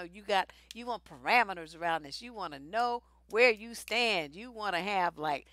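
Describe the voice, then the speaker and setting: A woman's voice: a little high, pushed and bright, dry recording, studio quality. Blunt, sassy woman giving advice. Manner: profane, slangy. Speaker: relationship advice host. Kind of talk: live-stream advice answering viewer questions.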